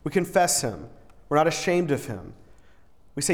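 A man's voice: on the high side, big pitch swings, normal speed. A man preaching a sermon in an earnest, conversational way, often repeating words and restarting his sentences. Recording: long reverb in a large hall.

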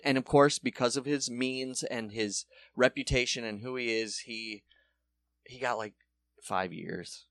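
A man's voice: measured pace, no echo. Man retelling a story animatedly. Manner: animated, acts out quoted people in a high voice. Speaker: podcast co-host. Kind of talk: casual storytelling chat.

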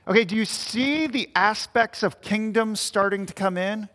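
In a church meeting room, a pastor delivers a sermon at a normal pace with few pauses, asking the congregation to picture what he explains. His voice sits high and is a bit bright, recorded with long hall reverb.

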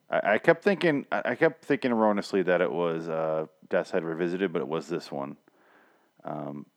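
A man co-hosting a podcast in casual chat, joking and swearing freely. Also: low voice. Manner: joking, profane, animated. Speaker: podcast co-host.

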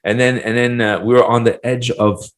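A man's voice: mid-range voice, level tone, a little fast. A young man co-hosting a casual podcast, telling a long rambling story full of fillers and restarts. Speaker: podcast co-host. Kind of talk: casual chat.

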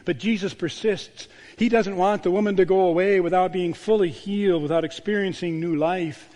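A man, a pastor, delivering a sermon with a storytelling manner, dropping to a hushed voice on key words. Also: high voice, steady tone, moderate pace. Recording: long church reverb.

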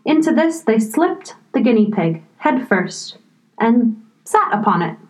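A woman narrating a storybook in a measured, expressive reading. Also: a little high, rough recording.

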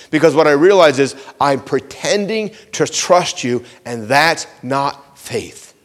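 A man preaching a sermon in a fairly high-set voice. He is earnest and pleading, pressing his listeners with question after question. He drops to a hush and then rises to urgent, raised appeals. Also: long reverb tail. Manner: swings between hushed intensity and raised urgency. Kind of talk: sermon, teaching from scripture.

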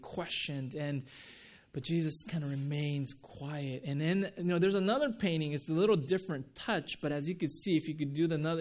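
A man preaching a sermon, telling the story with many restarts and acting out the quoted lines. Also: fairly high pitch. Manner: many restarts and repeated words. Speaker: pastor.

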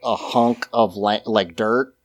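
A man's voice: fairly low pitch, steady tone, slow pace. A man casually recapping a TV episode on a podcast, rambling and laughing often as he talks. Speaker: podcast co-host.

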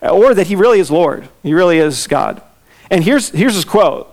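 High-voiced man preaching casually. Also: moderate pace. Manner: conversational, animated, laughs often. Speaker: pastor. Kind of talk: sermon.

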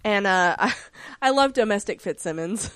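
A woman's voice: mid-range voice, animated, moderate pace, a bit bright, dry recording, studio quality. A woman co-hosting a casual podcast, recapping a TV episode and swearing now and then. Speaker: podcast co-host. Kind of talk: casual chat.

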